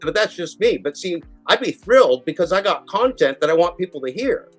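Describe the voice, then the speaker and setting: A man's voice: high voice, sing-song, fairly quick, soft background music, rough recording. A man hosting a live stream, ranting heatedly and swearing, mimicking the people he criticizes. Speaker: show host.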